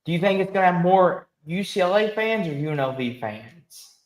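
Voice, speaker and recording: A man hosting a casual sports talk show, ranting emphatically and talking with animated energy. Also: high-pitched, normal speed, roomy sound, rough recording. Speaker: host.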